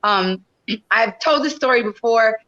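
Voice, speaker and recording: A woman's voice: a little high, unhurried, fairly bright tone, highs cut off. A woman in her fifties, a podcast guest, telling a story animatedly and casually, swearing freely.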